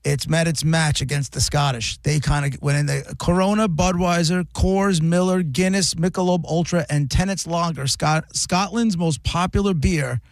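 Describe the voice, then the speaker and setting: Gravelly-voiced male radio host. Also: on the high side, moderate pace, few pauses, no room sound. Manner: chatty, recaps news stories with asides. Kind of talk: casual talk radio chat. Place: radio studio. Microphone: studio mic.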